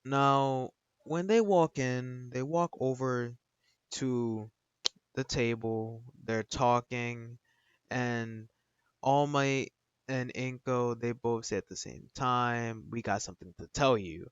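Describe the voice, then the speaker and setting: A man's voice: mid-range voice, fairly even intonation, takes it slowly, smooth, no room sound. A man casually retelling a fan story in a rambling, slangy way with many fillers. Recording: dull, dry lo-fi recording.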